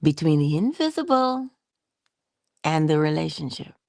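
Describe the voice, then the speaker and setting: A woman giving a spiritual motivational talk in a soft-spoken way, often dropping into whispers, with playful, affectionate asides. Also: deep voice, very animated, normal speed, vocal fry, dry recording, studio quality. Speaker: inspirational speaker.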